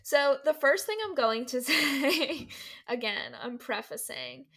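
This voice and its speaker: Woman podcast host, slightly high voice, bubbly and laugh-prone, chatty storyteller. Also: lively intonation, takes it slowly, a bit bright. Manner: bubbly, laughs often, playful teacher act. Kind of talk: casual storytelling chat.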